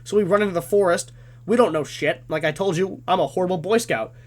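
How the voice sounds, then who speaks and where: A man in his twenties telling a comedic story in an animated, self-deprecating way. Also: sits high, quick pace.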